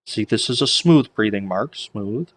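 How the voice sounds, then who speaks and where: A man's voice: medium pitch, animated, unhurried. A man giving an online lesson on ancient Greek pronunciation, explaining in a chatty way with homemade memory tricks. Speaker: Greek teacher.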